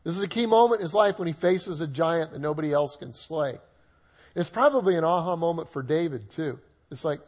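A man's voice: a little high, expressive, brisk, a little mellow. A male pastor preaching a sermon in a conversational way with humorous asides.

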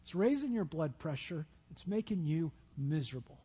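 A man preaching with a high, somewhat husky voice. He tells stories and slips into character voices as he acts out Bible scenes for his congregation. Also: animated, normal speed, warm tone. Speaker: pastor. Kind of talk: sermon.

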